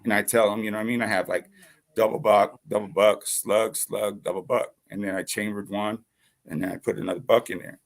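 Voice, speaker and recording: A man's voice: on the low side, little pitch movement, a little fast, gravelly. A man casually telling a long personal story, swearing freely, rambling, and checking in with "you know what I mean?". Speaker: YouTube channel host.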